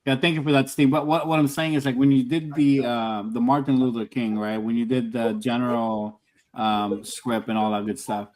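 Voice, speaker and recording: A man joins a call to ask a question and works his way through it haltingly, filling the gaps with "um" and "like." His voice is at a middling pitch for a man. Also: flat delivery, darkish tone. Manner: hesitant, full of "um" and "like". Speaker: participant asking a question. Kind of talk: casual question on a video call. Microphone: video call.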